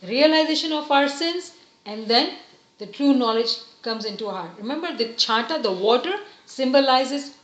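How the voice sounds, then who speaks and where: A woman giving an earnest, gentle religious lesson, explaining each point patiently. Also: high-pitched, animated, moderate pace. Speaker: religious teacher. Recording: roomy, slightly dull recording.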